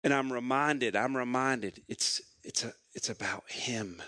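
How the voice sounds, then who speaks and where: A man's voice: medium pitch, measured pace, bright, forceful tone, no echo, clean studio sound. A man preaching a sermon as a pastor, telling stories in a conversational way and repeating phrases for emphasis.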